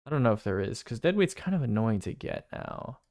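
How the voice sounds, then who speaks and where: A man streaming a video game, chatting casually and thinking out loud as he rambles and repeats himself. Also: mid-range voice, big pitch swings, brisk, gravelly. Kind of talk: casual live-stream chat.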